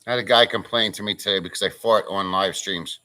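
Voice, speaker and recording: A man's voice: deep voice, steady tone, fast talker, pushed and bright. A man chatting casually on a live stream, joking crudely and reading out viewers' names. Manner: crude joking, reads chat names aloud. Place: farm pen with a pig.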